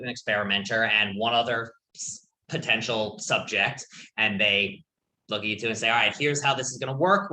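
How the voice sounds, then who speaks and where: Male lecturer, bright, forceful tone, casual storyteller, roomy classroom sound. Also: medium pitch. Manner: casual, storytelling, filler-heavy. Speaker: college lecturer. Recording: echoey classroom.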